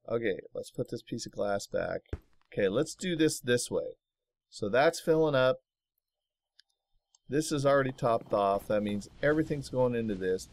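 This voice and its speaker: A man hosting a let's play, talking casually to himself as he builds and getting easily aggravated, recorded in his home office. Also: on the low side. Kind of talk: casual gameplay commentary.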